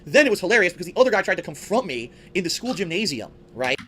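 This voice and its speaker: A man tears through a bitter story at breakneck speed, his voice pitched high and sharp with grievance. He swears freely and sounds wronged at every turn. A faint noise floor sits under the recording. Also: big pitch swings. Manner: rapid, profane, indignant. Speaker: ranting show host. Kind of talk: angry storytelling rant.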